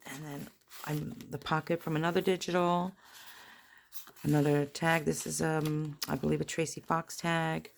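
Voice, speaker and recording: Low gravelly lady flipping through her craft journal, chatty and rambly, paper crinkling. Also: flat delivery, normal speed, a little hiss or hum. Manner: chatty, rambling, self-deprecating asides. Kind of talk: casual flip-through narration. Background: paper rustling and crinkling.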